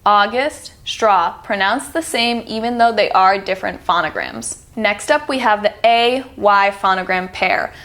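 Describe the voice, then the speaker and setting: A woman teaching pronunciation in a video lesson, speaking at an unhurried, deliberate pace. Her pitch sits in an ordinary middle range. She is patient and stretches out each example word so learners can copy it. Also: expressive, fairly bright tone. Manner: slow, patient, drawing out model words. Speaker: accent reduction teacher.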